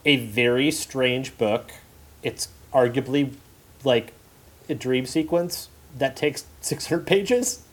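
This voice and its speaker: A man's voice: mid-range voice, takes it slowly, slightly rough. A man in a casual podcast conversation, slightly hesitant as he speaks. He pokes fun at himself and restarts his sentences often. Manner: hesitant, self-deprecating, many restarts. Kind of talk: casual chat.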